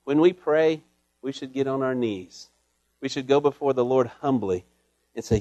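A man preaching a sermon in an earnest way, often repeating words as he searches for them, and moving between raised lines and hushed ones. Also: medium pitch, moderate pace, dry recording.

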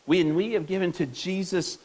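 A man's voice: high-pitched, normal speed, a little mellow. A man preaching a sermon, reading scripture aloud and pressing his point with rhetorical questions and repetition. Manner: reads scripture aloud to the congregation. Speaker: pastor.

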